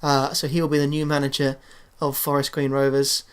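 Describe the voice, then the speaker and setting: A man's voice: mid-range voice, level tone, brisk, clear, resonant tone. Young guy chatting through his football career mode, lots of ums and restarts. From England. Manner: rambling, hesitant, many fillers and restarts. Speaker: gaming YouTuber. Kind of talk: casual game commentary.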